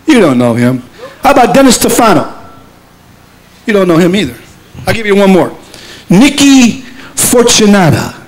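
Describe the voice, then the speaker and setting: A man's voice: high-pitched, sing-song, moderate pace, long pauses, rough recording. A middle-aged man, a lead singer, chatting playfully with the audience between songs on a concert stage. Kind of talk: stage patter at a live concert. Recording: live concert recording with loud band. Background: loud band music.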